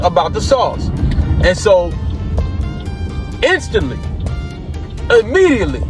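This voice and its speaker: Man, fairly high voice, casual storytime, rambling, slangy, faint music behind. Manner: rambling, repeats and restarts phrases, slangy. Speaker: vlogger telling a story.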